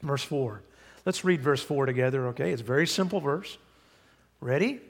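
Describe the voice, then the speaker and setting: A man's voice: medium pitch, animated, moderate pace, in a large hall. A male pastor preaching a sermon in a church, folksy and emphatic with many asides. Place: church sanctuary.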